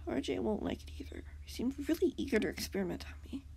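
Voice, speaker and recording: A woman's voice: fairly high pitch, very animated, fast talker, creaky, slight background noise. A woman reading a sheepish young man. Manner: sheepish and quiet. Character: nervous young man recovering in bed.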